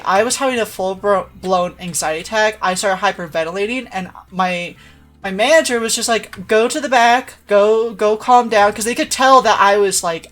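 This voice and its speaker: A woman's voice: mid-range voice, fairly bright tone. A woman livestreamer telling a story in casual chat, laughing often and acting out the voices of the people she quotes.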